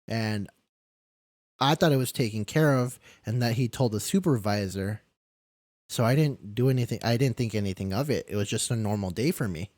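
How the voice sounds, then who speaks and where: A man's voice: on the low side, normal speed, a little mellow, no echo, clean studio sound. A young man telling a personal story in a candid, rambling way during a live-streamed interview, with many restarts and the odd swear word. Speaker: caregiver and podcast guest.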